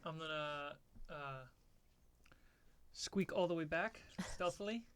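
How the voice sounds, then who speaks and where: A man playing a tabletop game, playful and quick to laugh. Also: fairly high pitch, smooth. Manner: playful, giggly. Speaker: player.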